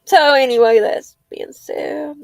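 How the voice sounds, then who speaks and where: A woman's voice: high voice, slow, gravelly, a little mellow, no echo. A woman, rambling and heartfelt in a tearful casual livestream chat. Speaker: livestream host. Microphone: laptop or phone mic.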